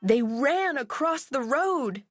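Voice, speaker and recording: Woman storyteller for a picture book: high, animated, unhurried read-aloud. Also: faint music behind. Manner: slow, expressive, clearly paced.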